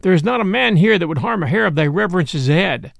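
A man's voice: high-pitched, lively intonation, fairly quick, creaky, no room sound, clean studio sound, exaggerated voice. A man playing a jolly, mock-solemn outlaw chief. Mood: mock-grave. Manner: teasing and mock-grave.

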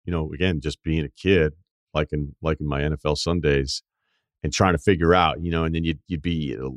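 A man's voice: extremely low pitch, fairly even intonation, a little fast, dry recording, clean studio sound. A male podcast host asking questions in a loose, conversational way. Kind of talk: casual interview chat.

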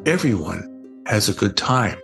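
A man's voice: lowish voice, big pitch swings, unhurried, gravelly, fairly bright tone, faint music behind, pitched below the performer's own voice, full character voice. An older man reading the lines of a wise eight-year-old girl who explains things earnestly.

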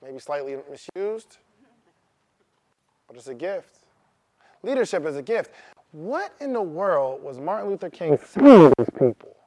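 A man's voice: sits high, very animated, normal speed, pauses often, mellow. A man giving a motivational talk to a live audience, asking them questions and repeating his key points. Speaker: motivational speaker. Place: room with an audience.

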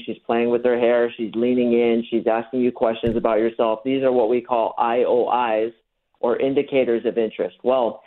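Man, dating coach, radio interview guest, tinny phone line, explanatory. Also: mid-range voice. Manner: explains techniques, acts out quoted lines. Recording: thin phone-line sound.

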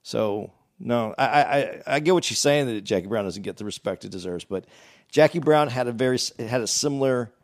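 A man's voice: mid-range voice, expressive, a little fast. A man co-hosting a podcast, talking casually, restarting his sentences often as he explains his opinion at length. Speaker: podcast co-host.

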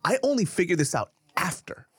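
Podcast guy ranting a story, swearing a lot, pitch all over the place, dry close mic. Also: brisk, breathy edge, no echo. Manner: animated, profane, jumps to shouting when riled. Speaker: podcast co-host. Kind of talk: casual storytelling chat. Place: podcast studio.

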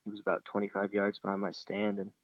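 A man's voice: on the low side, completely flat delivery, fast, no room sound, dull audio. A young man casually retelling a hunting story, rambling and acting out the dialogue. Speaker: hunter telling a story.

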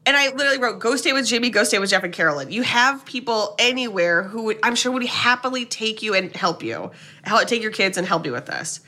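A woman's voice: a little high, a little fast. A woman co-hosting a podcast, recapping a film in casual chat and acting out the characters' lines. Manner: lively retelling, acts out quoted lines, swears casually.

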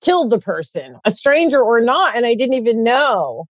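A woman in her forties in a casual podcast conversation, animated, blunt and emphatic, and she swears freely. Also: on the high side, moderate pace, no echo. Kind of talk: casual chat.

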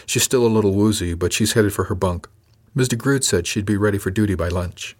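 A man voicing a sharp-witted young female crew member who teases with a mock-innocent manner. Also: fairly low pitch, fairly quick, close to an everyday voice. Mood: sly teasing.

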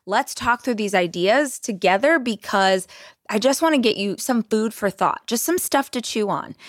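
A woman's voice: mid-range voice, dry recording, studio quality. A woman hosting a motivational podcast, speaking earnestly and directly to her listeners. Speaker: podcast host.

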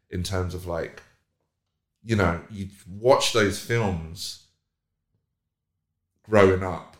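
A very deep-voiced man talking in a casual podcast chat. He is emphatic and animated. He sounds roomy and echoey. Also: very slow, long pauses. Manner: animated, emphatic, swings into loud mocking voices. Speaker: podcast co-host.

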